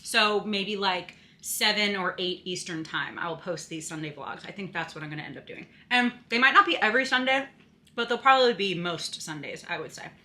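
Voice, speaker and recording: A woman's voice: medium pitch, lively intonation, a little fast, sharp tone. A young woman vlogging in a casual, chatty way, filling her talk with "like" and "you know", a bit out of breath. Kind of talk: casual vlog chat.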